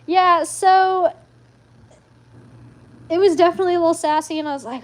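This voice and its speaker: A woman's voice: very high voice, slow, long pauses. A woman hosting a casual live stream, chatting in a rambling way with sassy asides.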